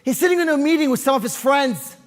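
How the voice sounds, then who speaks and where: A man telling a story in a lively, sing-song way, acting out the scenes. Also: very high-pitched, fast, long reverb tail. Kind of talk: animated oral storytelling.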